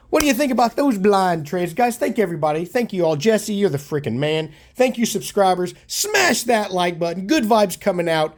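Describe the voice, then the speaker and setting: A hoarse man hosting a card collecting channel, chatting casually and enthusiastically as he opens his mail. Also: sits high. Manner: upbeat, enthusiastic, shouts out teams. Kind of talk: casual chat opening mail.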